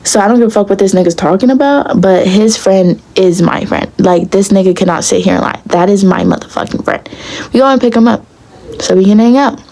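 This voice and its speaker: A young woman telling a storytime to her viewers in a casual, blunt, profane and animated way. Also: mid-range voice, brisk, rough recording. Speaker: vlogger.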